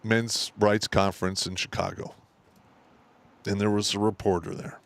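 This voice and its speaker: A man's voice: on the low side, moderate pace, vocal fry. A middle-aged man co-hosting a casual podcast, telling stories with lots of swearing. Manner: profane, animated storytelling. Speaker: co-host.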